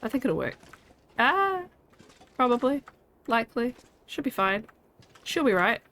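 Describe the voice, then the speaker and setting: A woman's voice: fairly high pitch, very animated, a little slow, a bit bright. A woman, chatting casually while streaming a game and rambling as she answers her chat.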